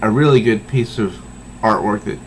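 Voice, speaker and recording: A man casually reviewing a comic book, talking haltingly with many restarts. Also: on the low side, slight background noise, low-quality recording.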